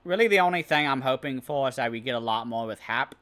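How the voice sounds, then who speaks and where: A man talks through a book review in a loose, unscripted way. He hesitates often and restarts his sentences as he searches for words. His voice is bright and forward, sitting at an ordinary pitch. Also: animated, fast talker, clear, resonant tone. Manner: hesitant, rambling, many restarts and "I don't know". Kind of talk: casual spoken book review.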